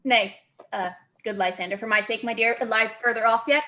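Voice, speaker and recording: A woman playing a gentle, coy young noblewoman in a Shakespeare reading. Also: a little high, fairly even intonation, brisk, dull audio. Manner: gentle, coy with light laughs. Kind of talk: Shakespeare stage reading over video call.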